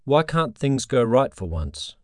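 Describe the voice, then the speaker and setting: A man's voice: medium pitch, big pitch swings, measured pace, darkish tone, no echo, clean studio sound, voice pushed up. A man reading the lines of a despairing, self-loathing teenage boy in a bitter, weary way.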